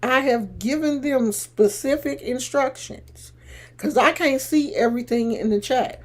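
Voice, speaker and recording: A woman live streaming and chatting casually with her viewers, teasing and sassy, breaking into loud laughs. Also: high-pitched, measured pace.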